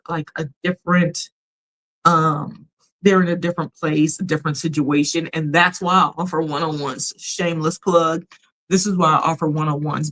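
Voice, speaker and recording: Pitched fairly low, this woman from the United States runs a casual livestream with a polished, radio-ready voice. She's chatty and emphatic, frequently laughing and reading viewers' chat aloud, all captured in rough audio.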